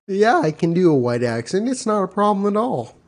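A man's voice: high voice, big pitch swings, brisk. Laughing young male podcast host. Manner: laughing often, loose and slangy. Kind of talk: casual chat.

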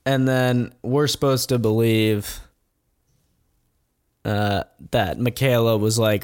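A man's voice: mid-range voice, slow pace, clear, resonant tone. A man casually retelling a documentary's story, swearing often and laughing as he talks. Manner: profane, laughing, animated retelling. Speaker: commentator recapping a documentary.

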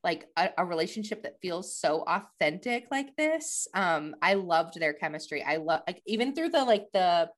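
Woman co-host, slightly low pitch, rambling and enthusiastic. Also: sing-song, moderate pace, few pauses. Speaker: podcast co-host. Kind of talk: casual podcast chat.

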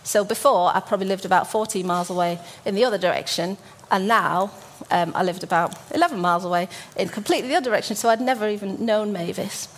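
A woman in her forties delivers a sermon as a personal story, speaking at an ordinary, middling pitch. She is from Birmingham and often pauses with fillers and restarts her sentences. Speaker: church speaker.

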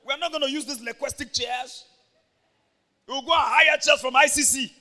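A man with a Nigerian accent preaching an animated sermon, moving from soft talk to shouts. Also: very high-pitched, fairly quick, in a large hall. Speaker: pastor. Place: church.

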